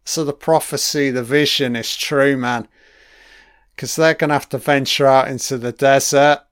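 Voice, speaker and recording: A man's voice: medium pitch, steady tone, moderate pace, a bit bright, smooth, no room sound, clean studio sound. A man giving a crude, mocking running commentary on a film, swearing heavily as he reacts.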